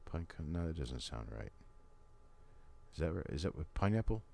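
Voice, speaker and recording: An older man talks in a very deep, gravelly voice with a dark, mellow tone. He hosts a casual live stream from home, rambling along in a folksy way with plenty of chatty asides. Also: big pitch swings, moderate pace. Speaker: host. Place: his home.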